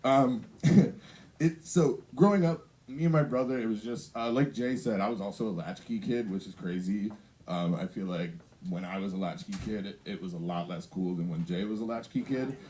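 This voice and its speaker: A young man with a lowish, mellow voice performs a stand-up set. His delivery is loose and rambling, full of fillers, and he laughs at his own lines as he goes. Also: normal speed. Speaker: stand-up comedian. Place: comedy venue with a live audience.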